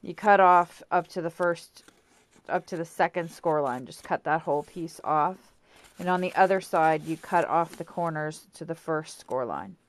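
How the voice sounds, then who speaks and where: A woman's voice: low-pitched, normal speed, no room sound. Chatty woman rambling through a craft tutorial. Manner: chatty and rambling, full of fillers and self-corrections; apologetic asides. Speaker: craft vlogger.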